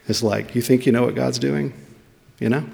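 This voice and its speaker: A man's voice: mid-range voice, steady tone, moderate pace, gravelly, darkish tone. A man preaching a sermon in a conversational way, putting questions to his listeners. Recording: long reverb of a large hall.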